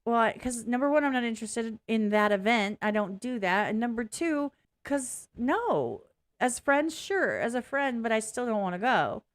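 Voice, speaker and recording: At a normal speed, this woman talks in a slightly high, animated voice. It's casual personal commentary from a reaction-video host who is outspoken and blunt, rambling along, dropping swear words, and breaking into her own sentences.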